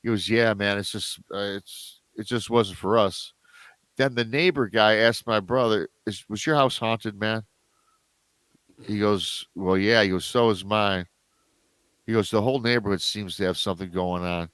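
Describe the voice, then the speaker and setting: A man telling a story as a podcast guest in a casual way, animated, jumping up in pitch whenever he acts out what others said. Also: moderate pace, clean tone, dry recording. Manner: animated, acts out quoted voices with big pitch jumps.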